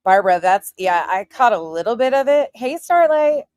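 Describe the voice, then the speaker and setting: A woman's voice: on the high side, expressive, moderate pace, a little mellow, clean tone, dry recording, studio quality. A woman in her forties hosting a casual livestream, greeting viewers one by one by their chat names and speaking bluntly with plenty of swearing. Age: 40s. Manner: blunt, profane and defiant. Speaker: livestream host.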